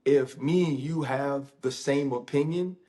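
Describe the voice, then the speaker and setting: A man's voice: medium pitch, a little slow, warm tone. A man, a sports analyst, talking casually and emphatically in an interview, repeating phrases for effect.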